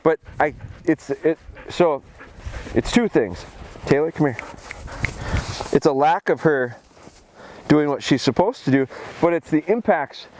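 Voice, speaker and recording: A man's voice: measured pace, pauses often, slight background noise. A man training his bird dogs in a snowy field, explaining each step between commands. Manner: calls dogs in a high excited voice, then explains calmly. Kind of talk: outdoor training commentary.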